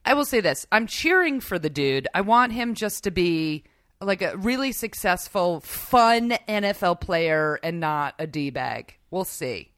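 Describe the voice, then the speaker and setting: A woman co-hosting a podcast in casual chat, rambling and animated, often laughing. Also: on the low side, measured pace, dry recording. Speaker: podcast co-host.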